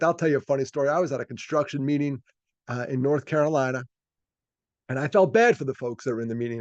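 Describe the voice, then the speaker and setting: A man's voice: medium pitch, mellow, no echo, dull audio. A middle-aged man from New York telling personal stories in a folksy, self-deprecating way, full of fillers, over a video call. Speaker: speaker. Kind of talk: storytelling talk.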